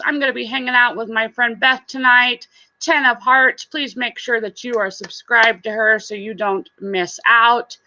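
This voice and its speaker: A woman's voice: fairly high pitch, bright, forceful tone. A woman hosting a casual live stream, greeting viewers by name and chatting with frequent laughs, on slightly dull lo-fi audio. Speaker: live-stream host and reseller.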